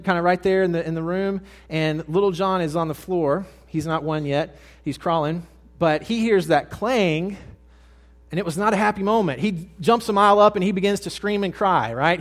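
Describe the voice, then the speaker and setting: A young man preaches a sermon with earnest conviction. His voice sits fairly high, and he drops to hushed tones before building to loud, emphatic lines. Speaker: pastor.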